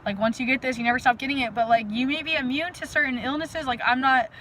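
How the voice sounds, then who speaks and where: A woman hosting a casual live stream outdoors, talking energetically and rambling to her viewers with lots of fillers and sudden loud bursts. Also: high voice, fairly even intonation, quick pace, a little hiss or hum, low-quality recording. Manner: frequent "like" fillers. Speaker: livestream host. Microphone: phone live stream.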